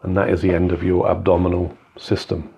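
A low-voiced man explaining an examination technique in an even, flat delivery. He talks methodically, with plenty of ums and uhs. The sound is dull and a little lo-fi. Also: brisk, gravelly, heavy background noise. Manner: methodical, instructive, with frequent fillers. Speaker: clinical skills teacher. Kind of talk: spoken medical teaching walkthrough.

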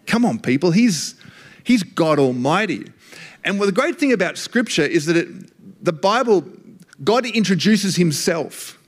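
A man delivering a sermon with a fairly high voice for a man. He speaks earnestly and emphatically, in a conversational, down-to-earth way. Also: sing-song, a little slow. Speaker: preacher.

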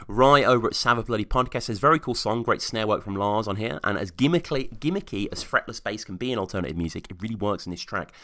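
A man with a fairly low, bright and forceful voice hosts a solo podcast. He talks quickly and casually, full of enthusiasm as he reads out listener comments and chats about what's coming up next. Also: lively intonation. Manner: fast, chatty, enthusiastic, casual swearing. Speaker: podcast host.

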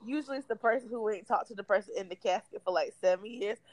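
A young woman co-hosting a podcast, telling a story in an animated, slangy, comic way. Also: medium pitch, quick pace, poor audio. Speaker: podcast co-host. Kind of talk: casual storytelling chat.

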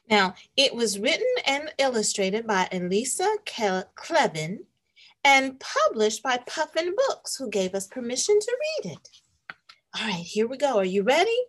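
A woman host reading a picture book aloud to young children, animated and teacherly. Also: on the high side. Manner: animated, warm teacherly storytelling.

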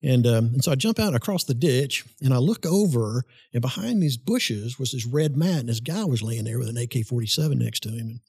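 A man in a podcast interview, telling army stories in a casual, animated way. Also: medium pitch, brisk, hardly any pauses, breathy edge, no room sound, clean studio sound. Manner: animated, laughs through his story. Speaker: guest. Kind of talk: casual storytelling.

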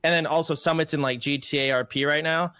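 A man's voice: fairly high pitch, steady tone, quick pace, sharp tone, smooth, no echo, studio quality. A man in casual chat, emphatic and swearing freely.

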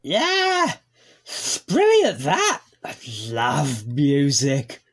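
A man's voice: fairly high pitch, wildly swooping pitch, drawn-out words, fairly bright tone, full character voice. A man playing a boisterous drunken uncle. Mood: rowdy. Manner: slurring, stammering, boisterous. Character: drunken male wedding uncle, loud and rambling. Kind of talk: comedy sketch read-through.

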